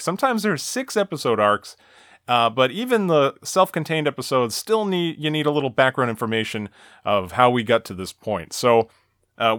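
Recorded cleanly in a studio with no room sound, a man with a medium-pitched, slightly bright voice hosts a podcast. Chatty and laughing, he goes over a cartoon episode, often tripping up and starting his sentences again.

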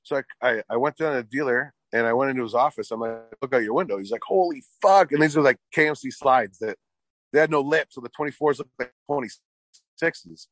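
A man's voice: mid-range voice, a little fast, a bit bright, no echo. Brief: man, loose profane storyteller, dry close sound. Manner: profane, rambling, fillers like "like". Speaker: car customizer telling a story. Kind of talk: casual storytelling chat.

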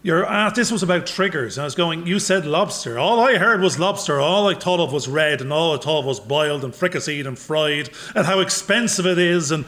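A man with a high voice talks in a loose, rambling way. He tells his stories with animated, sudden loud bursts. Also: brisk, hardly any pauses. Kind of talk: casual chat.

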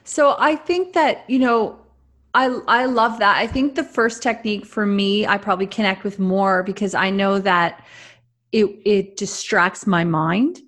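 A woman's voice: mid-range voice, a little slow, fairly bright tone. Thoughtful woman podcast host. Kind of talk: casual interview chat.

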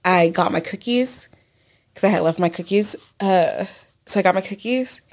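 A woman's voice: medium pitch, normal speed. A young woman in her twenties co-hosting a podcast in casual chat, laughing through her stories and swearing casually. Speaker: podcast co-host.

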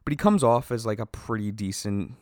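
A man's voice: fairly low pitch, brisk, a little mellow, dry recording, studio quality. A young man co-hosting a casual movie review chat, rambling with lots of "like" and restarts. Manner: rambling, heavy use of "like", hesitant restarts. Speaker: podcast co-host.

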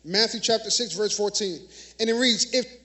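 High-voiced man preaching. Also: normal speed, bright, forceful tone. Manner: call-and-response preaching, asks congregation to repeat words; conversational, frequent "y'all" and "right?". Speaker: minister. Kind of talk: sermon. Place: church sanctuary.

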